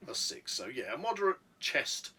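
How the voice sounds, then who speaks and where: A man co-hosting a casual movie review, rambling and halting as he talks. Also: medium pitch, sing-song, bright, forceful tone, husky. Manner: rambling, halting, laughing easily. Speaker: co-host. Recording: distant mic.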